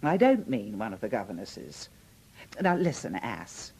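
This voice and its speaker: An actress playing a bossy, brusque older aunt in a radio comedy drama, commanding and tart with insults. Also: female voice, very deep voice, very animated, a little slow, creaky, darkish tone, husky, exaggerated voice.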